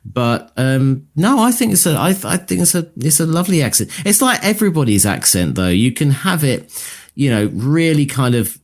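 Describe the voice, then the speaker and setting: A man's voice: mid-range voice, very animated, moderate pace. A man with an Essex accent, co-hosting a podcast in casual chat, rambling and thinking aloud with many asides. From Essex, England. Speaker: podcast co-host.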